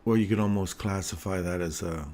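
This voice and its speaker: Low-voiced man with a groggy morning voice. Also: brisk, a little mellow. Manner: casual, explanatory, joking, keeps asking "right?". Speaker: trading stream host. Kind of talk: live trading commentary.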